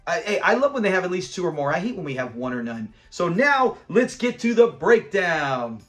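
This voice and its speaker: A man's voice: high-pitched, very animated, normal speed, a bit bright, faint music behind. A man hosting a casual episode review, enthusiastic and rambling into side notes while acting out the lines. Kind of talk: casual chat.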